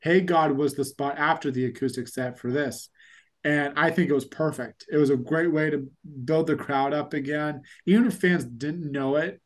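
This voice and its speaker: A man's voice: fairly high pitch, fairly even intonation, normal speed. A man hosting a podcast in casual chat, telling stories in a rambling way with lots of fillers. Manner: rambling storyteller, many fillers like "like". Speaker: podcast host.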